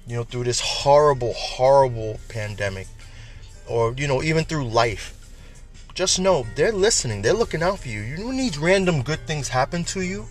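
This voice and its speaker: Chatty man giving an uplifting talk. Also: mid-range voice. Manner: chatty, repeats words, laughs at own jokes. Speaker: podcast host. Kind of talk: casual uplifting monologue.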